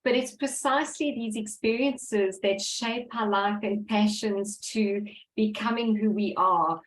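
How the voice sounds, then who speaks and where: A woman's voice: mid-range voice, unhurried, echoey room, poor audio. A woman born in Italy and raised in South Africa, giving an earnest, emotional speech at a book launch and apologizing with laughs. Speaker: book co-author speaker.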